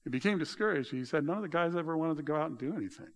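Animated man preaching a sermon. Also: racing. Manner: animated storytelling, voice rising high in retold dialogue. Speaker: pastor.

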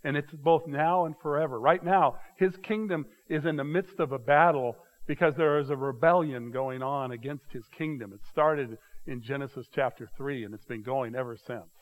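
A man's voice: mid-range voice, moderate pace, hardly any pauses, low-quality recording. An older man, a pastor, preaching a conversational sermon and asking his listeners questions.

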